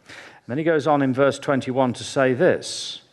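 A man's voice: medium pitch, a little slow. A man preaching a sermon in church, telling chatty, jokey stories with asides to the congregation.

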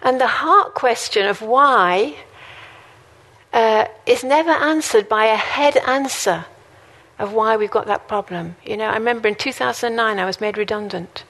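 A woman's voice: fairly high pitch, moderate pace, a bit bright. A woman preaching a sermon in an earnest, conversational way, mixing in personal stories. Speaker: guest preacher.

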